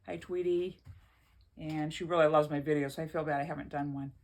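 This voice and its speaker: A woman's voice: low-pitched, fairly even intonation, a little fast, darkish tone. Chatty woman vlogging from home. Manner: rambling, chatty, laughs often. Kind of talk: casual chat to camera.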